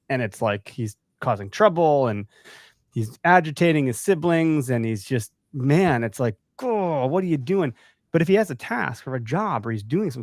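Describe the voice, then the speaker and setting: A man hosting a podcast in casual chat, animated and acting out the voices of people he quotes. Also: mid-range voice, dry recording, studio quality. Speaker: podcast host.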